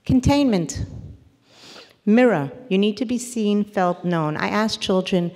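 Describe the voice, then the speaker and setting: A woman's voice: medium pitch, expressive, slow, a little mellow. Emphatic woman lecturing in a reverberant hall. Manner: earnest, emphatic, breaks off and restarts mid-word. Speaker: therapist and parenting lecturer. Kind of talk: workshop lecture.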